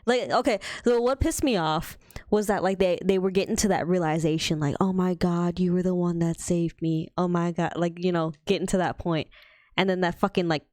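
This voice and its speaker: A woman's voice: lowish voice, brisk, dry recording, studio quality. A woman co-hosting a casual chat show, swearing often and acting out her stories. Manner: swears a lot, animated storytelling. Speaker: podcast co-host.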